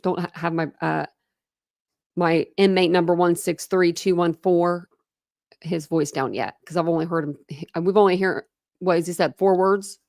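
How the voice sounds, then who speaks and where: A woman's voice: fairly low pitch, steady tone, normal speed, gravelly, darkish tone, no echo, studio quality. A young woman hosting a true crime channel, reading court documents aloud and breaking off into chatty commentary full of "like" fillers.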